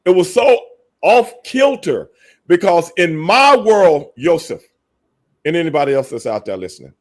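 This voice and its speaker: Podcast co-host, male, pitched a bit high, forceful, repeats himself, swears freely. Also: big pitch swings, normal speed. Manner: emphatic, profane, repeats points. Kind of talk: casual podcast debate.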